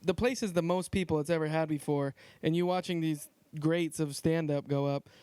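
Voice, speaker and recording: A man co-hosting a podcast in casual chat, asking animated, joking follow-up questions. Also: a little high, moderate pace, smooth, no room sound. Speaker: podcast co-host.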